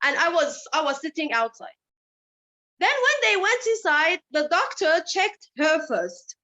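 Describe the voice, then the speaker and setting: A woman addresses a summit audience with personal stories, her voice pitched high and cutting. She presses her point with question after question. The recording sounds muffled and lo-fi. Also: big pitch swings, slow, long pauses, bright, forceful tone. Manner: impassioned, asks many rhetorical questions. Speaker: summit speaker. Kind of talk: personal storytelling speech. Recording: dull lo-fi recording.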